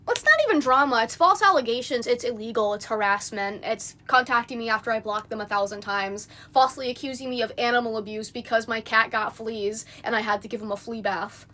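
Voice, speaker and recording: A woman's voice: fairly high pitch, brisk, few pauses, bright, forceful tone. A young woman on a phone livestream, venting in an indignant, rambling rant full of fillers. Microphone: phone mic.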